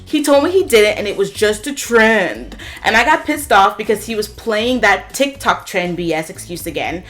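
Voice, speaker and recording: A woman reading online posts aloud and reacting to them, with animated, sassy outbursts and big jumps in pitch. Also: normal speed, soft background music. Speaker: YouTuber.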